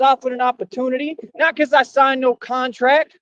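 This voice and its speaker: Man, high voice, preachy ranting livestreamer, dull dry audio. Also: flat delivery, normal speed, dry recording. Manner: preachy, defiant, swings between shouting and low brooding. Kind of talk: impassioned streamed rant.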